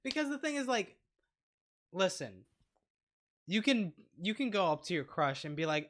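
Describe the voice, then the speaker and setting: A man's voice: high-pitched, very animated, normal speed, a bit bright. A man co-hosting a casual movie podcast, playful and rambling, often restarting his sentences. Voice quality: playful, rambling, self-interrupting. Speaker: podcast co-host. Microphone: lavalier microphone.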